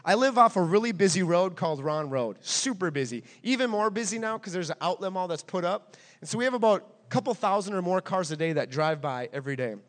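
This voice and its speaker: A pastor preaching an emphatic sermon and driving points home with repetition and questions to the congregation. His voice sits high for a man. It rings with the long reverb of a big hall. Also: expressive, fast.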